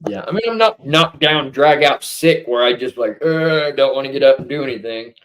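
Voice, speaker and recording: A man chatting casually with viewers on a livestream, rambling and swinging into animated bursts, feeling under the weather. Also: medium pitch, normal speed. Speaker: livestream co-host.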